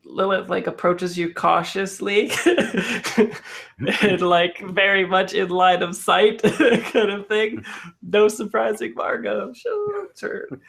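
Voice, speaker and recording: A man's voice: sits high, animated, slow pace, vocal fry, a bit bright. A man playing in a casual tabletop role-play, giggling and playful as he describes his character. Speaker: player.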